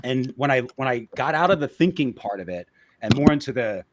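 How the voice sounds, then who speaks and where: Man, podcast guest, mid-pitched voice, reflective, candid, searching, restarts often. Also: lively intonation, a little fast, background noise. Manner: reflective, searching, frequent restarts and repeated words. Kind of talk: candid interview conversation.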